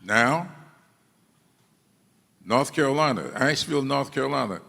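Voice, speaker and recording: Man, public speech, emphatic, gravelly voice, sharp tone, long hall echo. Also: mid-range voice, animated, normal speed. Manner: emphatic, repeating key words for stress. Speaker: speaker addressing an audience.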